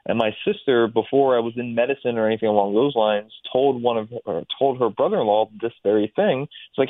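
A man's voice: mid-range voice, brisk, hardly any pauses, dry recording. A man in a casual interview, explaining medical ideas at length with frequent fillers and restarts. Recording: dry, phone-like line.

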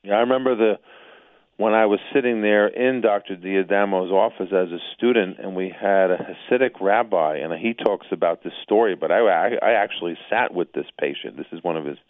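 A man's voice: sits low, brisk, no echo. A man hosting an interview, a doctor who asks loose, musing questions. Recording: dry, phone-like line.

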